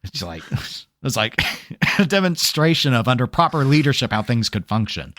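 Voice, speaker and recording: On a casual gaming podcast, this male co-host wanders off on a long tangent, animatedly acting out exasperated quotes. His voice sits in the mid-range at a moderate pace, captured in studio quality without echo.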